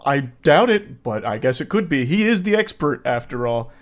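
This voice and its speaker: A man giving comedic reaction commentary in a sarcastic, incredulous tone. His voice sits a little higher than most men's. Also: very animated, normal speed. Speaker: host reacting to videos.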